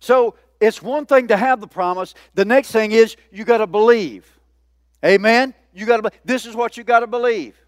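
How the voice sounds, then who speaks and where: A man preaching a sermon as pastor, a lively, joking speaker who keeps calling out to his congregation. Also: high voice, normal speed, no echo, clean studio sound.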